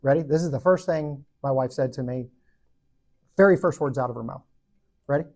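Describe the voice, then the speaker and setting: A middle-aged man who teaches a Bible study, telling a story in a joking, animated way and acting out the quotes. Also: mid-range voice, normal speed, gravelly. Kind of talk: storytelling talk to a group.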